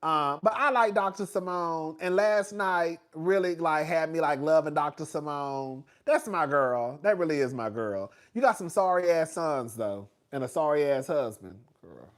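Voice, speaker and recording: A man's voice: on the high side, animated, moderate pace, hardly any pauses. A man in his forties giving casual, gossipy commentary on reality TV, laughing often and calling his listeners "girl.". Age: 40s.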